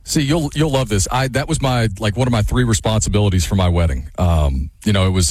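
A man tells his stories eagerly at a fast clip. His voice sits a little low. The recording is dry and close-miked. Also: darkish tone, dry recording. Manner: quick, eager storyteller. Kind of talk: casual chat.

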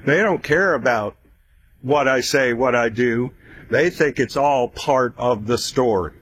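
A man's voice: medium pitch, a little slow, a little hiss or hum. A middle-aged man telling a personal story in a casual way, acting out the voices of the people he quotes. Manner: animated, acts out quoted voices.

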